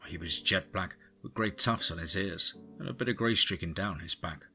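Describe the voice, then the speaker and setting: Deep-voiced man narrating a horror tale. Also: moderate pace, bright, forceful tone. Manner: dramatic storytelling. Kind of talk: scripted narration. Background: faint guitar music.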